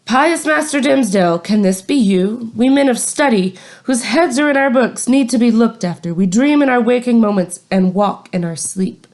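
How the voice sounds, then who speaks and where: A woman's voice: on the high side, normal speed, few pauses, darkish tone, close to an everyday voice. A woman reading the lines of a sly, mocking scholarly older man in old-fashioned formal speech.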